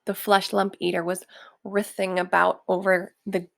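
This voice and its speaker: A woman reading a children's book aloud slowly and deliberately. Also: medium pitch, flat delivery, gravelly. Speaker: reader.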